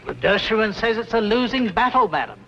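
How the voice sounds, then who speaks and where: An actor playing a stuffy, timid butler with a formal, pompous manner in a 1960s TV sitcom. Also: male voice, high voice, animated, brisk, pushed and bright, a little hiss or hum. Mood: fussy. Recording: lo-fi 1960s TV sound.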